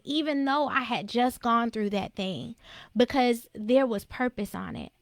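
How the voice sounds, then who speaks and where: A woman's voice: on the high side, dry recording, studio quality. A young adult woman telling a personal story with earnest emotion and frequent references to faith, as a motivational speaker for women in business.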